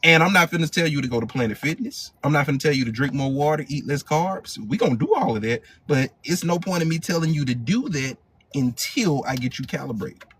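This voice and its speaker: A man's voice: fairly high pitch, lively intonation, brisk, a bit bright, breathy edge. A male hypnotherapy coach leading a live motivational training, emphatic and repetitive, in casual slang.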